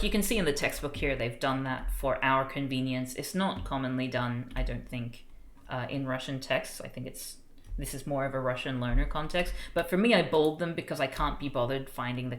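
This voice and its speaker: A woman's voice: very deep voice, normal speed, reverberant. A young woman chatting casually on a study stream, thinking aloud with lots of fillers. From Australia. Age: young adult.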